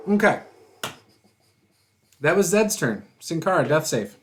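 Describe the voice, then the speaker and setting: A man running a tabletop game as dungeon master, guiding players around the map in a relaxed way. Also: a little high, slow, slight background noise. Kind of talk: running a tabletop game over a video call.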